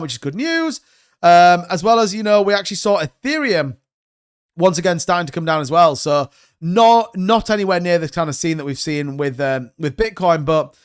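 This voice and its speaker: A man's voice: fairly high pitch, clean tone. A man hosting a live stream, giving rambling, chatty market commentary full of hedges. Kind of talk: casual crypto market commentary.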